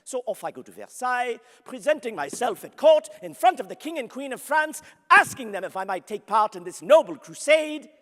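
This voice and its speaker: A man's voice: very high voice, big pitch swings, moderate pace, hardly any pauses, a bit bright, exaggerated voice. A man playing an ardent, flamboyant young French nobleman, telling his story grandly to the audience and laughing often. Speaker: historical character interpreter. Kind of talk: theatrical first-person historical storytelling. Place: large convention hall before an audience. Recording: long reverb of a large hall.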